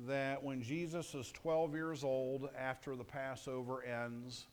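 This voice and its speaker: A male pastor delivers a sermon in a relaxed, conversational manner. He keeps it punchy, often stopping to ask the congregation questions, with a mid-pitched, ordinary voice.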